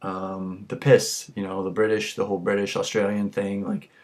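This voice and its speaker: A tipsy male vlogger talks to the camera in a low, flat, brisk voice, ranting crudely and rambling along. He swears constantly throughout this profane monologue.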